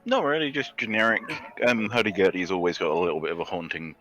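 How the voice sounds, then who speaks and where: A man's voice: deep voice, fast talker, pushed and bright, lo-fi sound, soft background music. A man playing in a tabletop game, dry and joking. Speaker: player.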